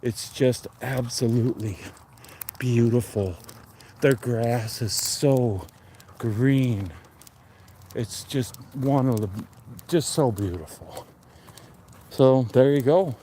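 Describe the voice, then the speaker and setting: A man in his forties on a casual live stream, chatting in a relaxed, rambling and enthusiastic way. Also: mid-range voice, slow, long pauses. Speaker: livestream host. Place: outdoors on a neighborhood street. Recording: faint outdoor street noise.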